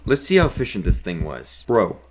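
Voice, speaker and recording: A young man talks through his gameplay in a fairly low voice, joking and poking fun at himself as he goes. His desk mic picks up a clear layer of background noise. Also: huge pitch swings, brisk. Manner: jokey, self-mocking, talks to the viewer. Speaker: gaming YouTuber. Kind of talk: casual gameplay commentary.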